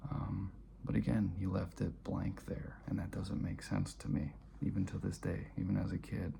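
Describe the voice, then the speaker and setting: Deep, gravelly-voiced man, softly spoken. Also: level tone, moderate pace, a little hiss or hum. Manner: soft-spoken, often dropping to a near-whisper. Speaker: vlogger. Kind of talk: personal storytelling to camera.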